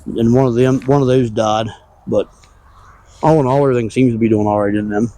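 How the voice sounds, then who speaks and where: A man giving a casual weekly garden update on his homestead, rambling in a relaxed country way outdoors as his wife films. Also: mid-range voice, brisk, no room sound, low-quality recording. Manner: relaxed, rambling country talk with plain grammar. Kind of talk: casual walk-through narration.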